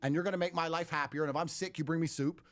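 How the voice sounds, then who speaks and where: A man's voice: a little high, fairly even intonation, rapid-fire. A man speaking as a podcast guest in a blunt, combative way, with a lot of swearing. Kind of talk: podcast talk.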